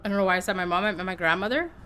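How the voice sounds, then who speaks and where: A woman streaming a game live, chatting excitably with her viewers as she plays. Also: medium pitch, rapid-fire, a little hiss or hum. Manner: excitable, chatty, talks to chat. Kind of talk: live gameplay commentary.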